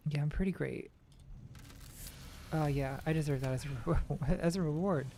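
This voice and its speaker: A woman's voice: sits low, moderate pace, warm tone, a little hiss or hum. A woman streamer giving casual gaming commentary, rambling with ironic, self-mocking jokes.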